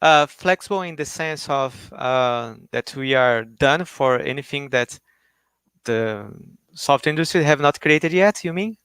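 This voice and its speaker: Man explaining software on a video call. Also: mid-range voice, lively intonation, unhurried, clear, resonant tone, dry recording. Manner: many fillers and restarts, explanatory. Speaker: guest speaker, software engineer. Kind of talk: technical explanation on a live stream.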